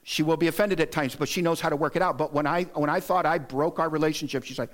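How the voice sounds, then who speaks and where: A man's voice: steady tone, fast talker, few pauses. A middle-aged male pastor giving an earnest, exhorting sermon in a church, lifting his voice to stress his points. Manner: earnest and exhorting, lists points, rises in pitch to stress them. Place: church sanctuary.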